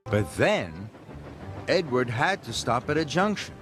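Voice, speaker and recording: A man narrating a children's train story in an expressive, measured storybook style. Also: medium pitch. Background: music.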